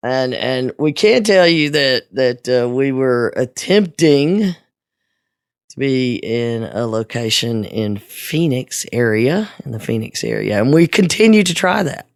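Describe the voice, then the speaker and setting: A woman co-hosting a podcast in casual chat, low-key, often trailing off and restarting. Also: expressive, slow pace, no room sound, clean studio sound. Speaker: podcast co-host.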